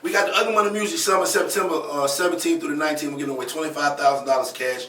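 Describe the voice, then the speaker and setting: Fast, laid-back man. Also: on the high side, fairly even intonation, background noise. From Atlanta, USA. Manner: laid-back, keeps saying "you know what I'm saying". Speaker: guest, record label head. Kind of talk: casual interview chat. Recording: echoey room, mic at a distance.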